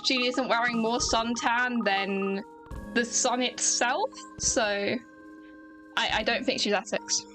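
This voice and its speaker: A woman's voice: a little high, fairly even intonation, slow pace, a bit bright. A British woman streamer, a little ill, chatting casually and mocking herself while playing a game. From Britain. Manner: chatty, self-mocking asides. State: unwell, finds talking hard. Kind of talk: casual let's-play commentary. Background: game music.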